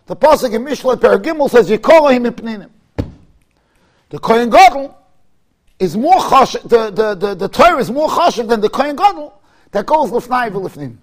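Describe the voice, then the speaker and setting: Teaching Torah at an ordinary pace, this very high-voiced man brings his stories to life animatedly. Hebrew and Yiddish words slip into his speech, and at points he climbs into emphatic shouting.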